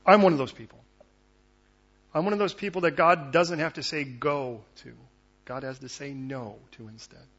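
A male pastor delivering a sermon in a husky, slightly higher-than-usual voice. He surges into loud, pressing urgency, then drops to a hushed intensity. The recording sounds muffled and lo-fi. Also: normal speed.

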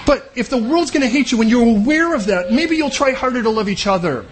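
A man with a notably high voice, preaching a sermon. He talks conversationally, throws in jokes, and briefly slips into other people's voices to make his points. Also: animated, soft background music. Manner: conversational and joking, acts out quick voices. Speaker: pastor.

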